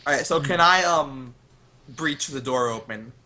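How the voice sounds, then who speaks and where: A man playing in a tabletop role-playing game, excitedly narrating his character's actions and shouting out his lines. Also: medium pitch, a little slow, heavy background noise. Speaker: player.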